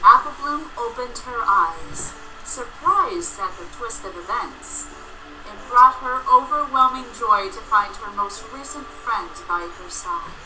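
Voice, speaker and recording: A woman narrating a fan fiction story in an expressive storybook manner. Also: a little high, a little slow, loud music behind the voice, low-quality recording.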